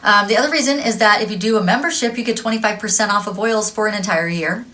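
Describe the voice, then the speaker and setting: A woman's voice: mid-range voice, quick pace, bright, forceful tone, low-quality recording. A woman giving a casual tarot reading, chatty and gushing, laughing often. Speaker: tarot reader.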